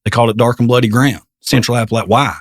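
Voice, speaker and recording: A man's voice: medium pitch, fairly even intonation, racing, dry recording, clean studio sound. A man appearing as a guest on a podcast, talking earnestly and posing rhetorical questions in casual conversation.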